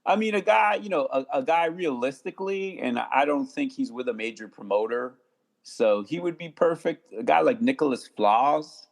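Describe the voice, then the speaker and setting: A man talking casually as a podcast guest, halting with many restarts and fillers. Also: medium pitch, vocal fry. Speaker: guest attorney.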